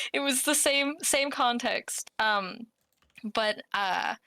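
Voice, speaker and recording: A woman's voice: on the high side, extremely slow, sharp tone, no room sound, clean studio sound. A woman co-hosting a podcast, telling a story in casual chat, giggling often as she reads out old messages. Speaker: podcast co-host.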